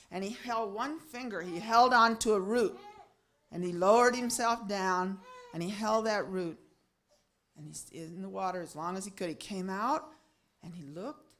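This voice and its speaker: A woman storyteller narrating a spiritual tale to an audience, her pitch and loudness swinging widely as the drama rises and falls. She slips into different voices for the characters along the way. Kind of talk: telling a religious story to an audience.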